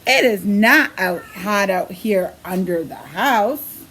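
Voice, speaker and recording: Animated woman reading a picture book aloud. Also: mid-range voice, takes it slowly, a little hiss or hum. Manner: animated, sing-song storybook delivery with questions to the kids. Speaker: preschool teacher.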